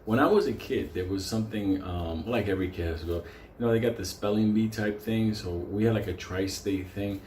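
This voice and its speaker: A man tells a crude, profane comedic story, rambling along and slipping into voices for the characters. His voice is fairly low, a little mellow and fairly quick, recorded in a roomy space with faint ambient noise.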